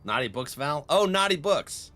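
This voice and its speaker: A man's voice: on the high side, big pitch swings, moderate pace, pushed and bright. A young man streaming a game, chatting casually with viewers and laughing often. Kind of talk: casual live-stream chat.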